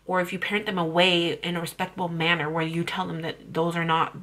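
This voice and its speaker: A woman's voice: lowish voice, level tone, quick pace, fairly bright tone. A young woman ranting bluntly about parenting on her vlog, heated and full of swearing. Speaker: parenting vlogger.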